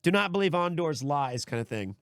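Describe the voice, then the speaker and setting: A man's voice: on the high side, lively intonation, fairly quick, no echo, clean studio sound. A man hosting a stream, chatting casually and rambling while building a model set, often restarting his sentences. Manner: rambling, self-correcting, easygoing. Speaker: streamer host.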